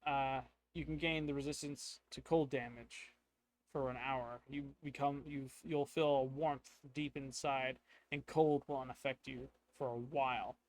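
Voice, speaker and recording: A man voicing a hunched, white-haired old woman who sells potions, explaining her wares in a slow, matter-of-fact way. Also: mid-range voice, steady tone, natural voice.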